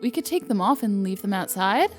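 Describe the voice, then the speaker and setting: A woman's voice: mid-range voice, expressive, fairly quick, soft background music. Woman reading a visual novel aloud. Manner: reads narration evenly, laughs between lines. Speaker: let's player.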